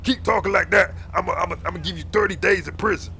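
A man's voice: sits high, quick pace, slight background noise. A man playing a bossy, bumbling young street cop who blusters, barks orders and fumbles through paperwork. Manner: blustering, yells shut up, fumbles and mutters.

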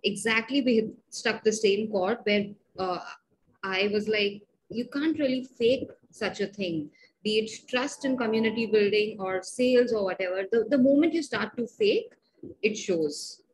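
A woman's voice: mid-range voice, measured pace, a little hiss or hum, poor audio. A woman hosting a podcast, talking in a thoughtful, hesitant way with frequent restarts. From India. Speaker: podcast host. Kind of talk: conversational interview.

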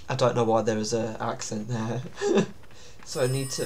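A man's voice: mid-range voice, normal speed, a little mellow. Jumpy man playing a horror game. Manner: nervous, jumpy, bursts into startled yelps. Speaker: gaming YouTuber.

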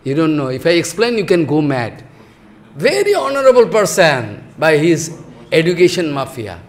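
A man's voice: fairly high pitch, huge pitch swings, moderate pace. A man giving a sermon as a spiritual teacher, emphatic and scolding. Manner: scolding, emphatic, mixes laughter and mock dialogue.

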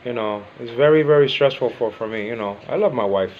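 A man's voice: mid-range voice, quick pace, muffled recording. An older man whose first language is Spanish, chatting casually in a home vlog, rambling and repeating himself, teasing and affectionate. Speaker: vlogger.

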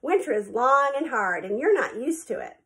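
Woman doing a calm, patient dad. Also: on the high side, moderate pace. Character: calm, sensible father.

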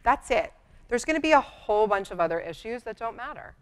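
A middle-aged woman attorney giving a lively, conversational conference talk, acting out bits of dialogue. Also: on the high side, a little fast, clean tone. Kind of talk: conference presentation. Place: conference room.

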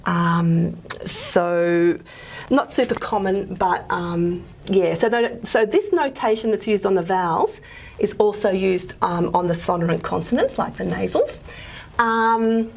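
A woman's voice: mid-range voice, unhurried, creaky, a little hiss or hum. A woman, possibly, giving a linguistics lecture on a video call, talking hesitantly with many fillers and restarts. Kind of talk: recorded lecture.

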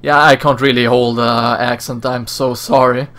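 A man hosting a let's play, giving relaxed, casual commentary with mumbled asides. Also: mid-range voice, moderate pace, hardly any pauses.

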